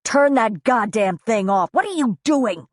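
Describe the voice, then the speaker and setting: A woman voicing a fierce, furious woman who yells and curses at intruders on her property. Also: a bass voice, lively intonation, measured pace, dry recording, studio quality, pitched below the performer's own voice, heavily acted. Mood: yelling. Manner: yelling, cursing, sharp.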